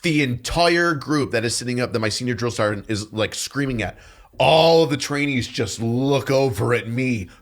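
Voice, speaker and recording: A man telling stories on a podcast as a guest, animated and profane, with loud outbursts when he quotes other people. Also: medium pitch, normal speed. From New York. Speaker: podcast guest, police detective and drill sergeant. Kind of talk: casual storytelling.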